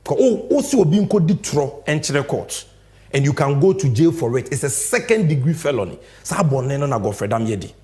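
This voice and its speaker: A man's voice: high-pitched, a little mellow. A Ghanaian man hosting a political talk show, making emphatic commentary and switching between English and Twi with sing-song stresses. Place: studio.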